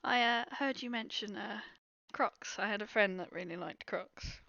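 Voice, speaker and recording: A woman's voice: mid-range voice, moderate pace, vocal fry, pushed and bright, dry recording, muffled recording. A woman playing a tabletop game in character, talking awkwardly and apologetically. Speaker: player.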